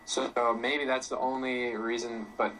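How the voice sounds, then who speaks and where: A young man co-hosting a casual football chat in a relaxed, laid-back way. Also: mid-range voice, moderate pace, slight background noise, poor audio. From United States. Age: young adult. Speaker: co-host.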